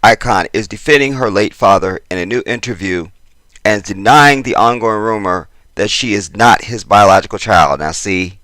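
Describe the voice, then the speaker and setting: A man giving a casual commentary to his viewers, exasperated and chatty, jumping between loud emphasis and muttered asides. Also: on the low side, moderate pace, dry recording. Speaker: YouTube commentator.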